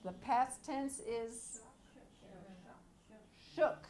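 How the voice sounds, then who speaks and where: Slow, clear ESL teacher woman. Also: a little high, lively intonation. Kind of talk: classroom teaching. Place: classroom.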